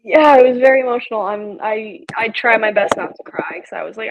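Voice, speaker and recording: A woman's voice: fairly high pitch, a little fast, highs cut off, slight background noise. A young woman from Chicago, a podcast guest, talking eagerly and filling her speech with ums and likes. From Chicago, USA. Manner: excitable, lots of fillers and restarts. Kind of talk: casual interview chat.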